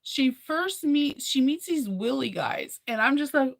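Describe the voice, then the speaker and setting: Young woman vlogger, rambling and animated, a bit high with some fry. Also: unhurried, hardly any pauses, dry recording, studio quality. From United States. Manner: rambling, animated storytelling with many fillers and laughs. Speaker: vlogger recapping a film. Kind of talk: casual chat.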